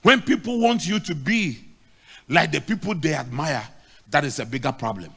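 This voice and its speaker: A man's voice: a little high, expressive, moderate pace, gravelly, pushed and bright, slightly rough. A middle-aged man with a Ghanaian English accent preaching a sermon, emphatic and repeating key lines. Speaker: pastor.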